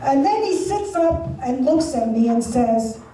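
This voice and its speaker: At a live show in a resort event room, a woman with a high, animated voice does a bawdy stand-up set, bantering brashly with the crowd at an unhurried pace. The echoey venue is recorded from far off, with audience noise throughout.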